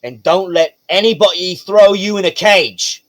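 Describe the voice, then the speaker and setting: A man voicing a gruff, folksy father who gives his young daughter stern warnings before leaving her. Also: high voice, measured pace, a bit bright, no echo, pitched above the performer's own voice. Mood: gruff, fatherly.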